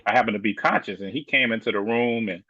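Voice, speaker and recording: A middle-aged man, a podcast guest, telling his story in a casual, animated way, filling it with "you know" and acted-out quotes. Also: on the low side, fast talker, slightly rough, no room sound, highs cut off.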